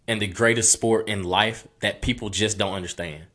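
A man's voice: fairly low pitch, steady tone, moderate pace, sharp tone. A young man, a former college football player telling his story earnestly and repeating phrases as he goes. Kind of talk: personal storytelling.

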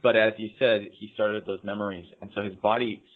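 A man on a podcast, calmly giving his analysis of an anime with frequent hesitations. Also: on the low side. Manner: measured, analytical, hesitant fillers. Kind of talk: casual anime discussion. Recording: tinny phone-like line.

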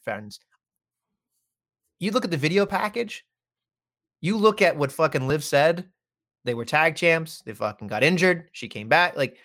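A man's voice: on the high side, fairly bright tone. A man co-hosting a wrestling podcast, ranting heatedly and swearing constantly in casual chat. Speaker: podcast co-host.

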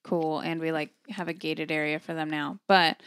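A woman in casual chat, laid-back and quick to laugh, mostly giving brief replies. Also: sits low, fairly even intonation, a bit bright, smooth, no room sound.

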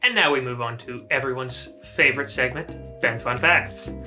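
A man's voice: mid-range voice, moderate pace, pushed and bright, faint music behind. A man co-hosting a podcast in casual chat, talking in a rambling, chatty way. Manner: rambling, chatty, loses his words. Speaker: podcast co-host.

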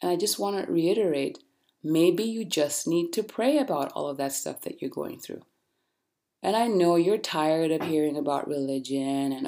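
Female podcast host, deep-pitched, blunt, preachy, lively. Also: normal speed. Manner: blunt, animated, preachy encouragement. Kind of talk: casual motivational monologue.

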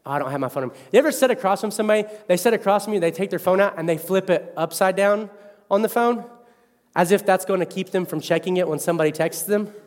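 A man in his thirties preaching a sermon as pastor, animated and conversational, with self-mocking asides. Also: sits high, fast, big-room sound.

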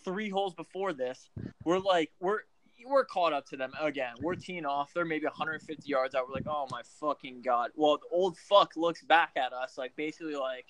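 A man's voice: fairly high pitch, normal speed, fairly bright tone, no room sound, low-quality recording. Profane rambling man telling stories. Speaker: podcast co-host. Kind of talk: casual chat.

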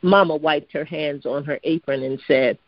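A woman reads a story aloud in a steady, measured voice and now and then trips over a word. The recording is dry with no room sound, and its tone is a bit dull and lo-fi. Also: deep voice, dry recording. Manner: steady, even reading with occasional stumbles. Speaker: narrator. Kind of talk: storybook narration read aloud.

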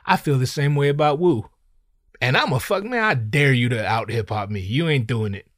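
A middle-aged man hosting a podcast, ranting casually in a profane, rambling, animated way. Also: mid-range voice, normal speed, no echo, studio quality. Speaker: podcast host. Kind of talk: casual solo podcast rant.

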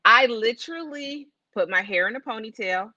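A woman co-hosting a podcast, telling a profane, animated story in casual chat. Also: a little high, moderate pace, no echo, highs cut off. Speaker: podcast co-host.

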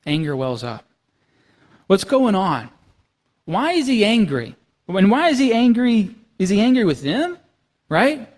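A male pastor with a notably high voice preaches a conversational sermon, often turning to his listeners with quick check-ins. His voice rings out with a long reverb through a church sanctuary. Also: sing-song. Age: young adult to middle-aged, has young kids. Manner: conversational, asks the congregation "right?" and "okay?".

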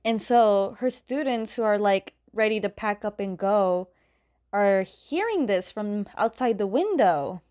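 A woman's voice: medium pitch, expressive, measured pace, darkish tone. A woman casually retelling a comic book story in a chatty way, often saying "like" and laughing between plot points.

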